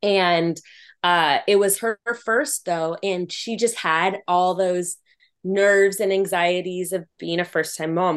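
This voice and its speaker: Chatty woman, slightly low voice. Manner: chatty, animated storytelling with many "like"s. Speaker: podcast host. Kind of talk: casual chat.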